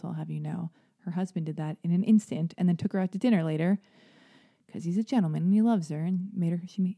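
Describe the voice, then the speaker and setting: A woman hosting her own podcast, rambling through a story in a self-deprecating way and jumping into high, animated voices when she quotes people. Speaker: podcast host. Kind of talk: casual solo podcast monologue.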